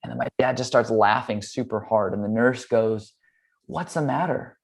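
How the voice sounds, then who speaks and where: A man's voice: fairly low pitch, normal speed. A man from Hawaii and California, a yoga teacher and interview guest, telling stories in a casual, chatty way and acting out the people in them. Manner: relaxed, chatty, with many "um" and "like" fillers; acts out the voices of the people in his stories. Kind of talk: casual conversational storytelling.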